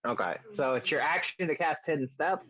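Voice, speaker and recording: A man's voice: fairly high pitch, fairly quick, sharp tone, no room sound. A man running a tabletop game as game master, talking with many fillers and restarts.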